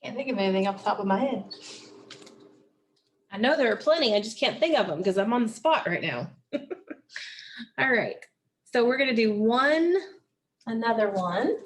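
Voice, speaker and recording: A woman teaching a phonics lesson, slowly and patiently sounding out words and syllables for children. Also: fairly high pitch, expressive.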